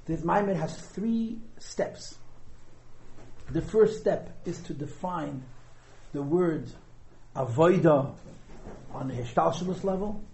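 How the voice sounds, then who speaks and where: Lecturing conversationally on a Chassidic discourse, a man poses rhetorical questions and mixes in Yiddish and Hebrew terms. His voice is a little high and a little mellow, recorded poorly in an echoey room.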